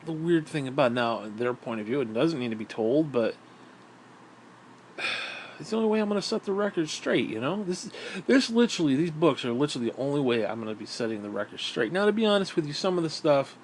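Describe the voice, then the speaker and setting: A man's voice: on the high side, animated, quick pace, a little hiss or hum. A middle-aged man in a casual monologue, ranting in a bitter, profane, rambling way. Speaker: vlogger.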